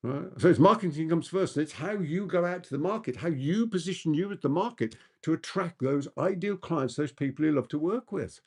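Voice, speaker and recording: A man's voice: fairly high pitch, lively intonation, fairly quick, few pauses, a little mellow, husky. A man who is a business coach, answering audience questions in an emphatic masterclass talk and repeating key points for effect.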